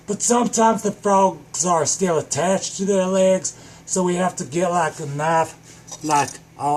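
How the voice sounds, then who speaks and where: A man delivering a manic, rambling improvised comedy rant that keeps bursting into shouts. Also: fairly high pitch, unhurried, slight background noise. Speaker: comedic vlogger.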